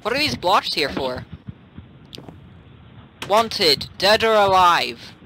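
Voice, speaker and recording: A man chatting casually while playing a game, excitable and laughing often. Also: sits high, slow pace, a little hiss or hum. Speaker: gamer, co-host. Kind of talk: casual let's play chat.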